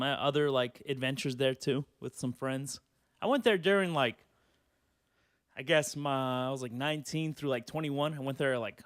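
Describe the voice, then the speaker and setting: A man's voice: mid-range voice, a bit bright, no echo, studio quality. A man in his twenties hosting a solo podcast, rambling and cursing casually and laughing as he talks. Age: 20s. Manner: rambling, profane, laughs often. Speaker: podcast host.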